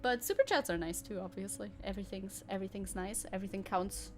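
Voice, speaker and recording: A woman's voice: medium pitch, fast talker, darkish tone. A woman streamer giving casual gameplay commentary, chatty and giggly, thinking aloud. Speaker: VTuber streamer.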